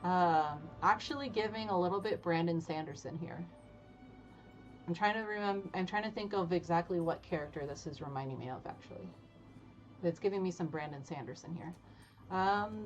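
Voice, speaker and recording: A woman streaming a game live, chatty and excitable, her voice jumping high when she is delighted. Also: moderate pace. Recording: slightly dull audio with game music.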